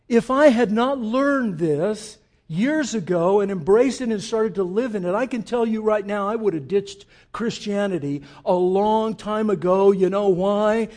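A man preaching a sermon, swinging from loud emphatic peaks to quiet, low asides and putting direct questions to the congregation. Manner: emphatic, rising to loud peaks then dropping low and intimate. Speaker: pastor.

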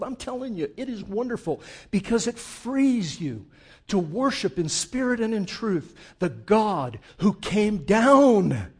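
High-voiced man preaching a sermon. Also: slightly rough. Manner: emphatic, rhetorical questions, swings from loud to hushed. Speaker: pastor.

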